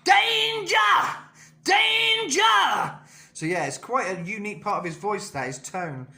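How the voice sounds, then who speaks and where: Bright-voiced male vocal coach. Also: high voice, animated, brisk. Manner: thoughtful, many fillers and restarts. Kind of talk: singing lesson with demonstrations.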